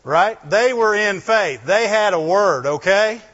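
A man preaching a sermon, animated and full of rhetorical questions, breaking into "Glory to God" again and again. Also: high voice, a little slow. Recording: dull lo-fi sound in a reverberant hall.

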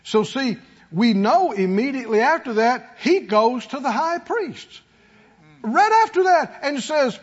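Pastor guy preaching, real high lively voice, call and response, kinda dull lo-fi sound. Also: measured pace, breathy edge. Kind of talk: sermon.

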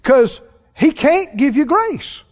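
A man's voice: extremely high pitch, big pitch swings, takes it slowly. A man preaching a sermon in a folksy, emphatic way, acting out the people he quotes. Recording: dull sound with long hall reverb.

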